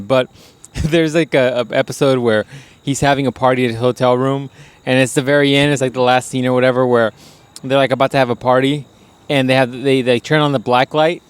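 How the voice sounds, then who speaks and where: A man's voice: mid-range voice, clear, resonant tone, no echo. A man chats loosely on a podcast, telling rambling, crude stories. He swears freely and breaks into laughs between points. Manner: rambling, profane, laughing storyteller. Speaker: podcast host. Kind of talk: casual chat.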